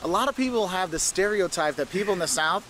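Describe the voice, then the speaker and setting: A man's voice: high voice, lively intonation, quick pace, a bit bright, a little hiss or hum. A man from the northern United States presenting a travel video, upbeat and emphatic, repeating his points. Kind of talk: enthusiastic travel video narration.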